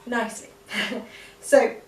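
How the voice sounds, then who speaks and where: A woman teaching vocal exercises in a relaxed, chatty way, with frequent ums. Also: takes it slowly, slight background noise. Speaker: singing teacher. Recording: echoey room, voice a bit far from mic.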